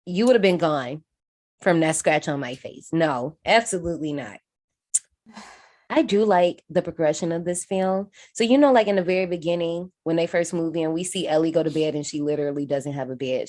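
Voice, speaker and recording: A woman casually recapping a horror movie on a podcast, swearing freely and acting out the characters' lines. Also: low-pitched. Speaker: podcast co-host.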